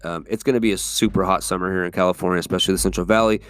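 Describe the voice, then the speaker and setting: A man's voice: sits low, fairly even intonation, rapid-fire, a bit bright, clear, resonant tone, no room sound, studio quality. A man hosting a solo podcast, talking casually in a rambling, profane, conversational way with lots of fillers. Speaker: podcast host. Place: California.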